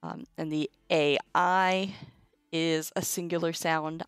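A woman's voice: sits low, steady tone, normal speed, smooth, no room sound, soft background music. A young woman teaching a casual livestream Latin lesson, chatty and informal, with asides to her chat. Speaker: Latin tutor streaming a live lesson.

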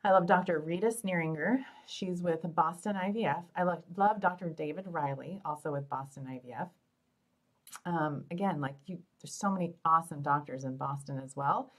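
A woman's voice: deep voice, moderate pace. A middle-aged woman, a fertility doctor hosting a live Q&A, answering questions in an upbeat, joking, chatty way. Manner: upbeat, chatty, joking, addresses listeners as "you guys". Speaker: fertility doctor and show host.

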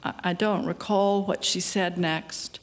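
An older woman poet giving a poetry reading, slow and measured, dropping to a hush at times. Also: lowish voice, steady tone. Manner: slow, measured reading with soft, hushed passages.

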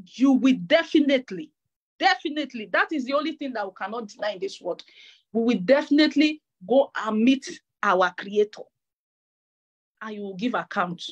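A woman's voice: on the high side, animated, normal speed, dull audio. A woman preacher delivering a fervent sermon, repeating phrases with stammering restarts.

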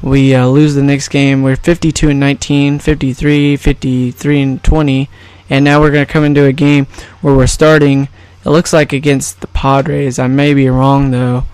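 A man's voice: mid-range voice, flat delivery, normal speed, few pauses, a little mellow, clear, resonant tone, no room sound. Rambling man narrating a baseball video game. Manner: rambling, jokey, self-correcting. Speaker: gaming YouTuber. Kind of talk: casual gameplay commentary.

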